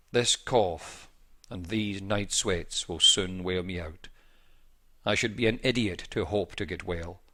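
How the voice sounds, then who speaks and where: A man voicing a gravely ill young male skeptic, proud but grateful, speaking in an earnest, formal, old-fashioned way. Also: low voice, a bit bright.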